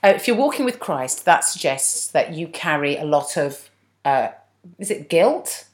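Lively low-voiced woman chatting. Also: unhurried. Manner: chatty, mocking, acts out lines in quotes. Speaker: podcast co-host. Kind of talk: casual chat recapping a TV episode.

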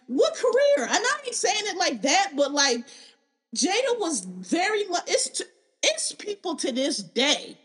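A woman talks on her podcast with a fairly high voice. She delivers opinions in a blunt, emphatic way, swearing freely as she gets heated. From Philadelphia. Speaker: podcast host.

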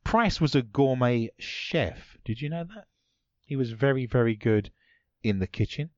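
A man's voice: medium pitch, animated, measured pace, a little mellow, dry recording, highs cut off. A man hosting a comedy podcast quiz, playful and teasing, full of puns. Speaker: quiz host.

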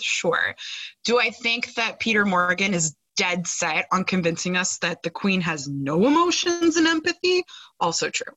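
A woman's voice: on the low side, sharp tone, no echo, low-quality recording. A woman co-hosting a podcast, recapping a TV episode in casual chat, with many fillers and sarcastic asides. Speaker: podcast co-host.

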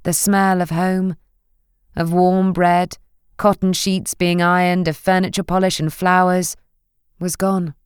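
A woman narrating a novel in a measured, gentle reading. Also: lowish voice, flat delivery, smooth, no room sound, studio quality. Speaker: audiobook narrator. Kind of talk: scripted narration.

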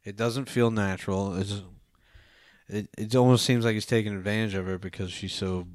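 A man's voice: fairly low pitch, steady tone, moderate pace, no echo, studio quality. A young man co-hosting a podcast, rambling through a film review with lots of fillers and casual swearing. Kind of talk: casual profane chat.

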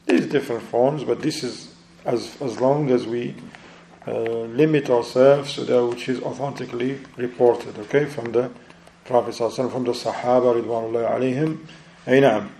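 A man's voice: medium pitch, steady tone, fairly quick, gravelly, dark tone, reverberant, a little hiss or hum. A man teaching a religious book study, explaining step by step, checking in with his listeners, and mixing Arabic phrases into non-native English. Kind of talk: religious lesson.

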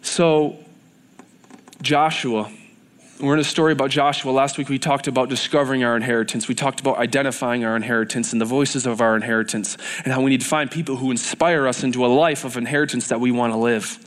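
A man's voice: medium pitch, fairly even intonation, fast talker, a bit bright. A man preaching a sermon in a church, earnest and repetitive, building in intensity.

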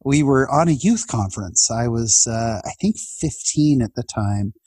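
A man's voice: mid-range voice, expressive, normal speed, a little mellow, breathy edge, dry recording. A man in his forties telling personal stories in a casual podcast chat, earnest and emotional, laughing now and then. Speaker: guest.

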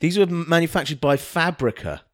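A man's voice: fairly high pitch, expressive, brisk, no room sound. A man co-hosting a casual comedic chat, mocking and sweary in a dry way. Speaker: podcast co-host.

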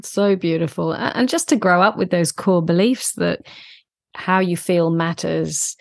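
Low-pitched woman podcast host. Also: steady tone, a little slow, gravelly, clean studio sound. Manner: affirming, soft echoes of agreement. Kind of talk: podcast interview.

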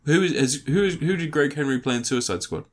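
A man's voice: a little high, fast. A man co-hosting a casual podcast chat, laughing often, swearing freely and trailing off mid-sentence. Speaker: podcast co-host.

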